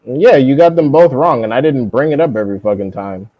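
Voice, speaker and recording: A young man hosting a boxing live stream, ranting at a viewer in a profane, mocking way and mimicking people in high voices. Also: brisk, dull audio. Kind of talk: heated casual live-stream rant.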